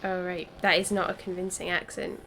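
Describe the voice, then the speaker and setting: A woman's voice: fairly low pitch, little pitch movement, brisk, fairly bright tone, a little hiss or hum. A woman co-hosting a game stream, chatting casually in a rambling way with lots of fillers. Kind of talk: casual chat over a game.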